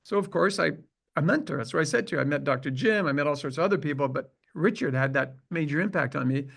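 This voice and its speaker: Canadian man, animated storyteller. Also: on the high side, fast talker, gravelly. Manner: animated storyteller who acts out quoted dialogue. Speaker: chiropractor guest. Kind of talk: storytelling in an interview.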